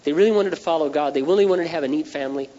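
A man's voice: fairly high pitch, rapid-fire, dark tone. A man preaching a sermon, earnest and repetitive, telling stories to drive his point home. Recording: dull lo-fi recording with long hall reverb.

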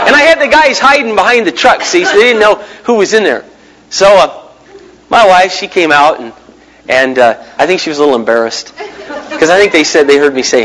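A man preaching a sermon as a pastor, telling personal stories in a lively way with big swings in his voice and quick impressions of other people. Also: slight background noise, poor audio. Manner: animated storyteller, big pitch swings, mimics voices.

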